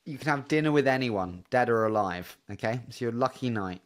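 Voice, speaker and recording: A male podcast host with a lively, swinging pitch. He fires off questions briskly and sounds engaged with his guest. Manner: quick, animated questioning. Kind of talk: interview hosting.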